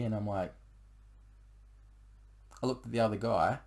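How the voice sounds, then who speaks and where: A young man with a lowish voice tells a personal story in casual confessional style. He rambles, with frequent fillers and restarts. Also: a little slow, a little mellow.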